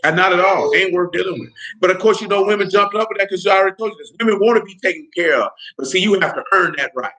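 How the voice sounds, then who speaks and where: A man with a high, bright voice holds forth on his podcast. He speaks bluntly and heatedly, swears freely and keeps checking that his listeners follow him. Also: racing. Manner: blunt, heated, profane, keeps asking "you know what I'm saying". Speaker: podcast host. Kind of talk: casual spoken commentary.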